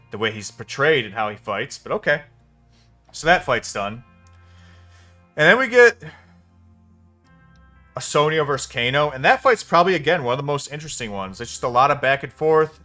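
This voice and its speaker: Animated, exasperated man ranting about a film. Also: mid-range voice. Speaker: movie reviewer. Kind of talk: casual spoken film review.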